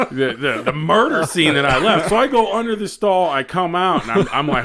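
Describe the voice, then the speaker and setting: A man co-hosting a podcast, telling a story in a casual, animated way with lots of laughter. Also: a little high, a little fast, crowd noise. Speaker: podcast co-host.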